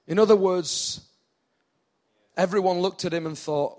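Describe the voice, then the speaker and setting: A man with a northern English accent preaching a sermon, animated, acting out the people in the story with rising intensity. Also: high-pitched, unhurried, pauses often. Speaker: pastor.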